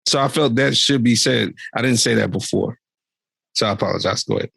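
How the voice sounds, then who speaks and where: A man's voice: medium pitch, a little fast, gravelly, fairly bright tone, slightly rough, no room sound. A young adult man co-hosting a podcast, ranting animatedly about politics in exasperated casual commentary. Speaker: podcast co-host.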